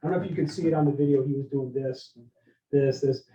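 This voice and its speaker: A man giving a leadership workshop, energetic and interactive, often asking his listeners questions and tagging lines with "right?". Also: medium pitch, fast. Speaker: leadership speaker. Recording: roomy, dull lo-fi sound.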